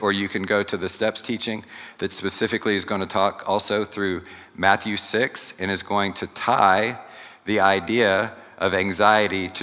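A man preaching a sermon in a church hall, speaking slowly and deliberately and turning to the congregation with asides. His voice sits a little low but carries a bright, forceful edge. A long reverb trails each phrase. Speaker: pastor.

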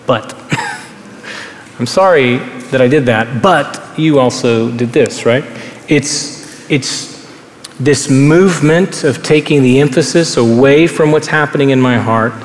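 A man's voice: medium pitch, a little hiss or hum. Man preaching in an echoey hall. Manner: earnest, conversational preaching with repetitions. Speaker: pastor. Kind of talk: sermon. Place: large hall with stage. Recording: roomy reverberant hall, faint ambience.

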